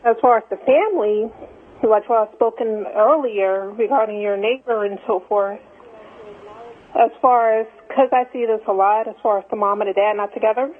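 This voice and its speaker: A woman caller from California speaks over a thin, tinny phone line, her voice slightly high. She talks hesitantly, filling pauses with "um" and "as far as" while she finds her point. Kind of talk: call-in radio talk.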